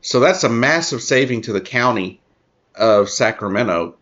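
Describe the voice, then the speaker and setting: A man's voice: mid-range voice, animated, a bit bright, highs cut off. A man hosting his own commentary show, reading an article aloud and adding earnest remarks, often restarting his sentences. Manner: earnest, halting, many restarts and fillers. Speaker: political commentary host.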